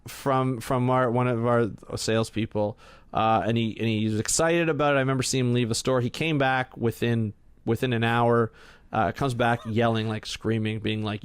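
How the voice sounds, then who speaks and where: A man sits in as a podcast guest, spinning a story and acting out each person in it. His voice sits at a middle pitch. It is recorded close and dry, with no room in it. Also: moderate pace, clear, resonant tone, no echo. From Canada. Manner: animated storyteller, acts out quotes. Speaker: guest marine biologist.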